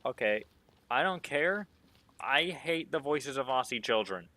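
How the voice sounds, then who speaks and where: A man's voice: medium pitch, expressive, unhurried, bright, forceful tone. A man chatting casually while playing a game, rambling through jokingly provocative opinions. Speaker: gaming streamer. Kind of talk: casual gameplay commentary.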